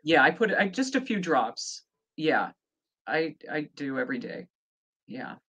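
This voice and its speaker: A woman's voice: sits low, sing-song, a little slow, a bit bright, husky. A woman appearing as a guest psychic medium, talking earnestly and agreeably in casual conversation.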